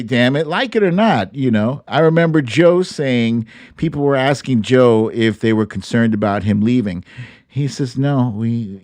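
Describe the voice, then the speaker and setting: A man's voice: mid-range voice, a little mellow, no echo. A man hosting a casual live stream, chatting with viewers and laughing often. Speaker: livestream host reading his own book.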